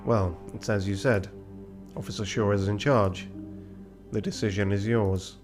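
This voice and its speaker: A man voicing a calm, measured male ship officer who speaks slowly and softly. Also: on the low side, over music, lightly acted.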